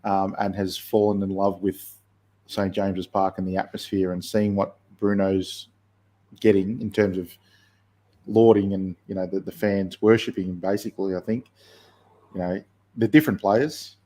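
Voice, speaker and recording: A man co-hosting a football podcast, his voice low, dark and mellow. He speaks in a flat, even tone with little rise and fall, relaxed and conversational. He drifts through his points with easy fillers. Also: moderate pace. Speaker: podcast co-host and youth football coach. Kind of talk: casual football podcast chat.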